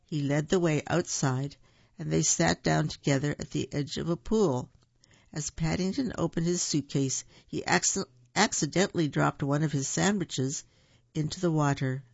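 A storyteller reading a children's storybook aloud in a gentle, playful way, in a dull, dry recording. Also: medium pitch, moderate pace, gravelly, breathy edge, dry recording.

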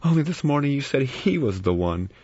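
A man voicing a frightened young woman in an audiobook, speaking in a hushed, breathy way. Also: medium pitch, big pitch swings, a little fast, dry recording, dull audio, pitched above the performer's own voice.

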